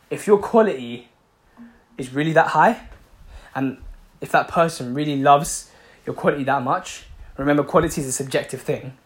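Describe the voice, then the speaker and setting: A man giving a passionate motivational talk, repeating himself for emphasis and swearing freely. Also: fairly high pitch. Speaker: motivational speaker.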